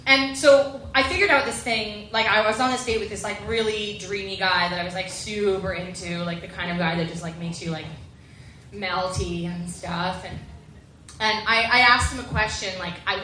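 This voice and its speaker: A woman's voice: medium pitch, steady tone, normal speed, pushed and bright, echoey room, recorded from a distance, slight background noise, low-quality recording. A young woman performing a chatty, self-deprecating stand-up comedy set and acting out the voices she quotes.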